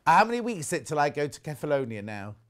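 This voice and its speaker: A man's voice: fairly high pitch, sing-song, fast. An English man presenting live on a shopping channel, chatting away and reading viewer messages aloud. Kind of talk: live sales chat. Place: TV studio.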